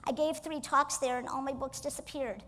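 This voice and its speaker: Woman motivational speaker, high voice, energetic keynote in a reverberant hall. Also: normal speed. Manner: energetic, coaxes the audience to join in. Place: stage in a large hall.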